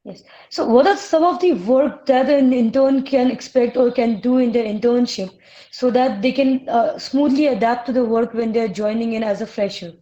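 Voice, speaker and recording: A woman's voice: on the high side, normal speed, warm tone. A woman moderating a webinar, politely asking questions with some hesitation over a video call. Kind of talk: reading interview questions. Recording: dull online call audio.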